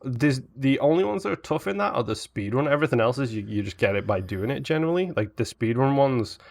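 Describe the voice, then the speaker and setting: A man co-hosts a casual gaming podcast. His voice sits at an ordinary pitch, and he tells stories in a playful, teasing way. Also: fast, vocal fry. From northern England. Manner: teasing, playful, animated storytelling. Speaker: podcast co-host.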